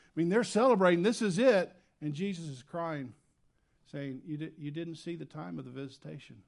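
A man preaching a sermon as pastor, swinging between loud emphatic lines and quiet, low asides. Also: moderate pace, gravelly. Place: church sanctuary.

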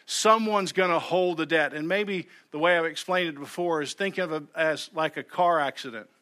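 A man's voice: a little high, normal speed, bright, forceful tone. A male pastor preaching a sermon in an earnest way, often repeating words as he starts a sentence. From United States.

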